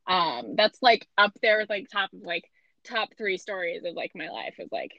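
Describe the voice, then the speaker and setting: A woman's voice: medium pitch, sing-song, moderate pace, sharp tone, dry recording, dull audio. A woman in her twenties with a Midwestern American accent, co-hosting a podcast in a playful, self-mocking, chatty way. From Midwestern United States. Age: 20s. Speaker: podcast co-host. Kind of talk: casual podcast chat.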